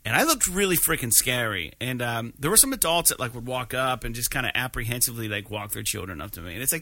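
Bright, lively male podcast host. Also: mid-range voice, quick pace, few pauses, no room sound. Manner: animated, rambling with many fillers. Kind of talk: casual storytelling chat.

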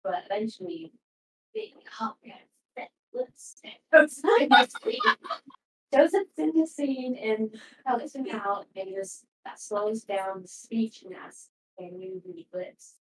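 A woman chatting casually before a live stream, retelling a show in a rambling, animated way with lots of fillers. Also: fairly high pitch, takes it slowly. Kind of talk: casual chat. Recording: roomy, distant mic with background noise.

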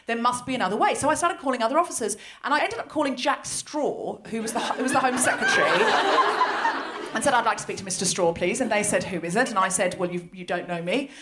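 Lively Australian woman doing stand-up. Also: a little high, quick pace, a little hiss or hum. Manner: animated storytelling, acting out the people she quotes. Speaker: comedian and host. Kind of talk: stand-up comedy set. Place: live venue before an audience.

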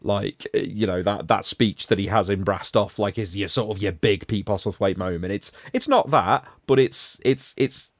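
A low-pitched man talking through a film as a podcast co-host. His talk is thoughtful and wry, circling back on itself as he works out his point. The sound is dry and close, with no room around it. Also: normal speed, hardly any pauses, no echo. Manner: thoughtful, self-correcting, wry. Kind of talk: casual film discussion.

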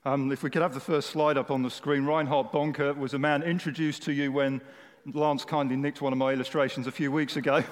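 Brief: male preacher, chatty and humorous, slightly high voice, reverberant church hall. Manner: conversational, humorous, with fillers. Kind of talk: sermon. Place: church hall with a large audience. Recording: echoey hall.

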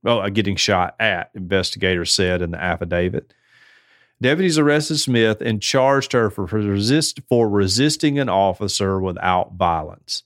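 A man's voice: lowish voice, normal speed, no echo, studio quality. A man hosting a casual podcast, reading odd news stories aloud and riffing on them with chuckles. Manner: laid-back, chuckling, reads headlines then riffs. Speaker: podcast host.

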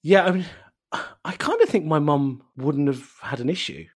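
A man from East London, a native Bengali speaker, telling animated, self-mocking stories as a guest in a casual interview. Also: on the high side, normal speed. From East London, England. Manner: animated storytelling, laughs often, self-mocking.

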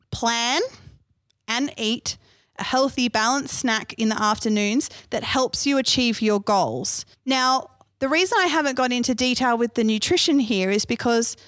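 A woman's voice: fairly high pitch, no echo, clean studio sound. An Australian woman giving a live healthy-eating workshop, chatty and conversational, often throwing rhetorical questions to the audience.

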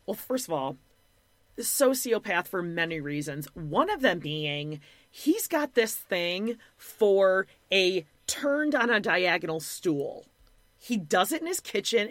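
A woman co-hosting a podcast, recapping a reality show in casual chat, animated and blunt, swearing freely and acting out other people in quick impressions. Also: medium pitch, no room sound. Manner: animated, mimics people in quotes, blunt and profane. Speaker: podcast co-host.

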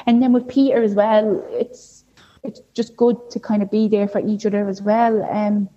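A woman with a breathy, husky voice and a warm, dark tone tells her story in a candid, chatty way. She leans on filler words as she talks. The recording sounds dull and lo-fi. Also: medium pitch, flat delivery, normal speed. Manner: chatty, heavy use of "like" fillers. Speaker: podcast guest sharing a birth story.

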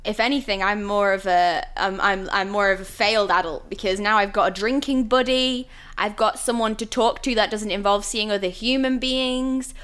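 A woman's voice: medium pitch, fairly even intonation, moderate pace, hardly any pauses, a bit bright, smooth. A young woman, an actor, chatting as a podcast guest, bubbly and self-mocking. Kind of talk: casual chat.

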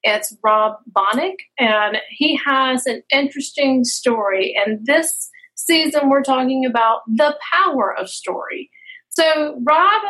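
A woman's voice: high voice, slow pace, poor audio. A woman from the Southern United States with a Southern accent, hosting an interview podcast in an upbeat, chatty way. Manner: upbeat, chatty, lively welcomes. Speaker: podcast host.

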